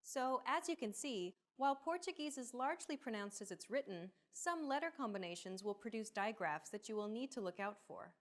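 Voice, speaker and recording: A woman narrating a scripted language lesson in an even, explanatory read. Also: on the high side, fairly quick, hardly any pauses.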